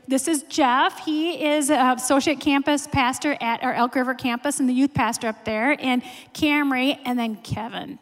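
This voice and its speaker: Woman, 40s, sermon speaker; high-pitched, chatty, self-mocking; long church-hall reverb. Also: a bit bright. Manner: chatty, self-deprecating storytelling with many fillers. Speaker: pastor's wife preaching.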